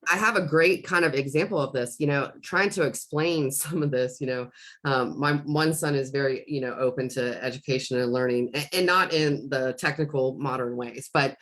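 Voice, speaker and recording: Low-pitched woman, casual podcast chat, rambling storyteller. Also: moderate pace, a bit bright. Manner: rambling, retells conversations with her son. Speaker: podcast co-host. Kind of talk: casual conversation.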